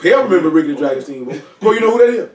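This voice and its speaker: A man leading a casual Bible study, teaching scripture with slangy, animated, joking asides, recorded at a distance in an echoey room. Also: fairly high pitch, rapid-fire.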